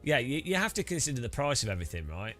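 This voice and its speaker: A man's voice: medium pitch, very animated, rapid-fire, sharp tone, soft background music. A British man chatting casually while setting up racing gear, rambling with many restarts. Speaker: sim racing streamer.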